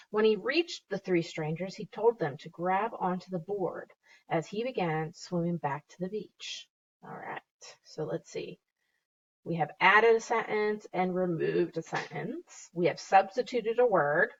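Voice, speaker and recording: A woman's voice: mid-range voice, a bit bright, muffled recording. A woman teacher walking a class through revising a story, reading drafts aloud, spelling words out letter by letter and chatting playfully as she goes.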